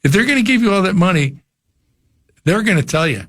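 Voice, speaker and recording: A man's voice: high-pitched, very animated, a little fast, fairly bright tone. An older man from New Jersey, a former coach, chatting casually on sports radio and often repeating his first words. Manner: rambling, repeats words when starting thoughts. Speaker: former college football coach, guest.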